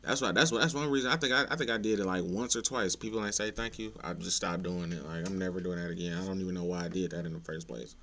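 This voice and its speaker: A young adult content creator rants casually to his viewers, laid-back but blunt and profane, rising to exasperation at times. His low voice is bright and forceful, he talks fast with few pauses, and there's a little hiss or hum.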